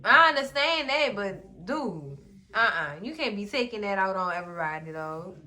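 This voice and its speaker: Sassy woman recapping her show, bright sharp voice. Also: medium pitch, moderate pace. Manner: animated, sassy, talks straight to the characters. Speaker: recap vlogger. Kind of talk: casual TV recap commentary.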